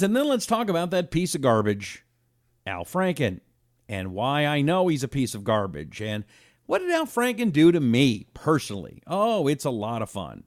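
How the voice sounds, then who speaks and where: A man hosting a live talk show, reading an ad and viewer comments in an animated, emphatic way. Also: mid-range voice, dry recording, studio quality.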